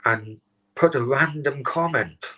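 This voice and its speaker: A man's voice: medium pitch, a bit bright, rough recording. Upset man on a live stream. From Wales. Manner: upset, halting, swears, many restarts. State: close to tears. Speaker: channel host.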